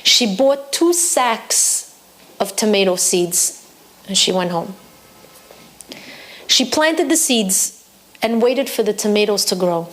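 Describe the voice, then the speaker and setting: A woman Torah teacher telling a story from tradition in a lively, expressive way for her lesson. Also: mid-range voice, slow pace, pauses often.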